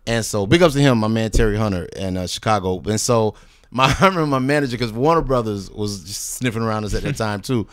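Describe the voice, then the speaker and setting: Relaxed and profane, a recording artist guest on a podcast tells a long story, acting out the people he quotes and throwing in "you know what I mean." His voice is fairly low, clear, and resonant, a bit bright, fast, and lively in intonation. The recording is studio quality with no room sound.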